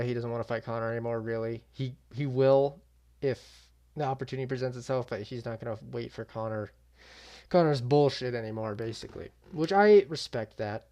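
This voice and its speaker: A man's voice: mid-range voice, a little mellow. A young man giving casual, slangy reaction commentary, swearing freely and often trailing off mid-thought. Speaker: YouTube MMA commentator.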